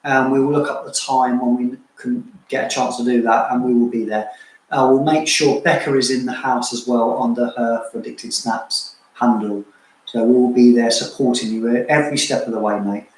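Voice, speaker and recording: A man's voice: mid-range voice, steady tone, moderate pace. A man co-hosting a casual livestream chat, joking and thanking viewers by name. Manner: chatty, jokey, thanks viewers warmly by name. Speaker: co-host of a fragrance channel livestream. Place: room at home. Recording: very echoey room.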